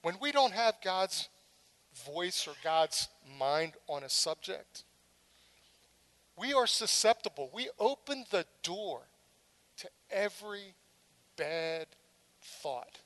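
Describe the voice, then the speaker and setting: A woman's voice: lowish voice, big pitch swings, takes it slowly, pauses often, a bit bright. A middle-aged woman preaching a sermon, telling stories dramatically and slipping in humorous asides.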